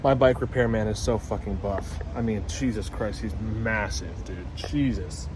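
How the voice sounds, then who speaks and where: A man's voice: on the low side, measured pace, noisy background. A young man talking casually to his vlog audience, rambling and swearing freely in a laid-back way. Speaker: vlogger.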